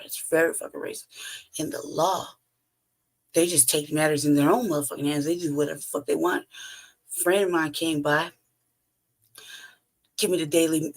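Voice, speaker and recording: Gravelly, profane man telling stories. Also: fairly high pitch. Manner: profane, blunt, laughs often between phrases. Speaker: podcast host. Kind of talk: casual storytelling monologue.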